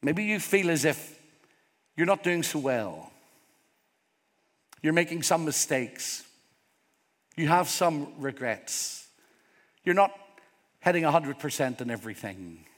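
A man's voice: fairly high pitch, lively intonation, takes it slowly, long pauses, fairly bright tone. A middle-aged man preaching a sermon as pastor, earnest and openly vulnerable, rising to emphatic peaks. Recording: long hall reverb.

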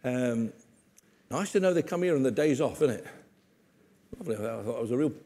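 A man's voice: mid-range voice, expressive, a little fast, mellow. An older man preaching a sermon, acting out Bible scenes with humor and asides to the congregation.

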